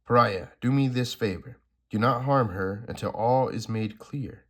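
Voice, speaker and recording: A man reading a comic aloud, voicing an ancient, dying cosmic guardian in a measured, grave way. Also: medium pitch, a bit bright, pitched above the performer's own voice.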